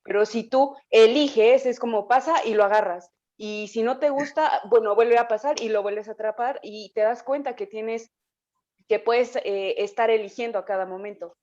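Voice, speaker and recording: A woman interpreting a talk live, relaxed, with hesitations and self-corrections. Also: fairly high pitch, fairly quick. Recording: dull lo-fi call audio.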